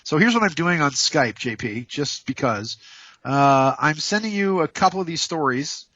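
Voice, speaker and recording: Joking and rambling with frequent restarts, a man hosts a casual radio show over a Skype call from his hotel room. His slightly high voice is bright and forceful, with lively intonation and a moderate pace, and the audio is dull but echo-free.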